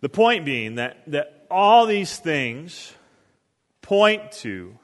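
A man's voice: a little high, sing-song, slow. A man giving a casual, conversational sermon as a pastor, rambling and acting out little scenes. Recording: long hall reverb.

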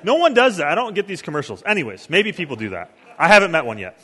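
A man's voice: a little high, sing-song, quick pace, sharp tone, slightly rough. Rambling man preaching in a reverberant hall. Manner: rambling and conversational, acts out little scenes. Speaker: pastor. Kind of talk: casual sermon.

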